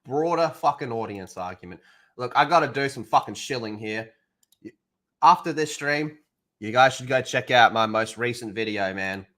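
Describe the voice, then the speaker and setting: A man's voice: medium pitch, animated, normal speed, a bit bright. A man streaming alone, ranting heatedly with lots of swearing. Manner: heated, profane, sarcastic ranting. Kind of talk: livestream rant.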